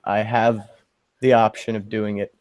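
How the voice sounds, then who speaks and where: A man from the United States in casual chat, brash and excitable, swearing often. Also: on the low side, measured pace, no echo. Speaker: podcast panelist.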